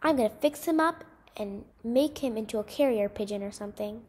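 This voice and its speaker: Storybook boy, gentle and kind, soft hushed coaxing, slightly husky woman reads him. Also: fairly high pitch, brisk. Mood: plain eager. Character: young boy soothing hurt pigeon, gentle.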